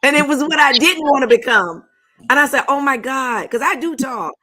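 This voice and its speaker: A woman's voice: high voice, expressive, moderate pace, sharp tone. A woman hosting a casual talk show, chatty and playful as she runs a party game for her guests. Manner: chatty and playful, with folksy phrasing.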